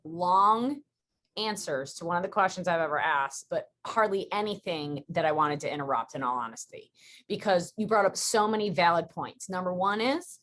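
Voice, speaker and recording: A woman from Western New York hosting a podcast, chatting casually and telling stories with quick, rambling asides. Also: fairly low pitch, fairly bright tone, slight background noise. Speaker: podcast host. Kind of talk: casual interview chat.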